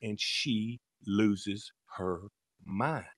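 A man telling a long comic story on a talk show, lively and laughing, acting out the voices of the people in it. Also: fairly low pitch, extremely slow, crowd noise. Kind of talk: animated storytelling.

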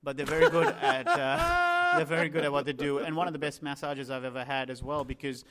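A man's voice: a little high, lively intonation, fairly quick, sharp tone. Jokey, rambling man. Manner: rambling, jokey, swears casually. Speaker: podcast co-host. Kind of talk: casual chat.

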